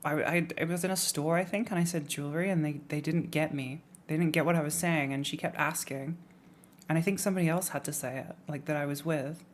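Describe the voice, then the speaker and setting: Low-voiced British woman chatting casually. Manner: rambling, trails off quietly at ends of phrases. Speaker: streamer. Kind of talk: casual live-stream chat.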